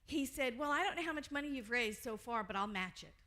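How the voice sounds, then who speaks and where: High-voiced woman minister, middle-aged, animated sermon storyteller who laughs often. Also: brisk. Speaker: reverend.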